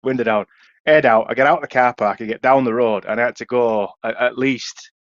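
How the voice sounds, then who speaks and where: A man's voice: mid-range voice, brisk, no echo, muffled recording. A young Yorkshire man, a podcast co-host, telling a casual story and swearing freely. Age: young adult. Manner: swears freely, lively anecdotes.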